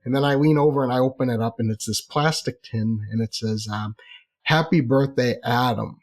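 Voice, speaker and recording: A man telling a personal story in a chatty, animated way, repeating phrases for effect. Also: mid-range voice, normal speed.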